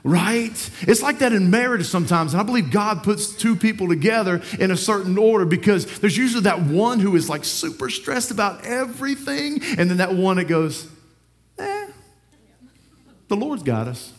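A man's voice: high-pitched, expressive, a little fast, hardly any pauses. A man preaching a sermon in church, talking conversationally, often repeating words and checking in with "right?".

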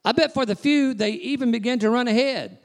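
A man's voice: very high-pitched, a little fast, creaky. A male pastor preaching a sermon to his congregation, emphatic and rhythmic, with frequent call-outs to the crowd. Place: church sanctuary. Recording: long reverb of a large church hall.

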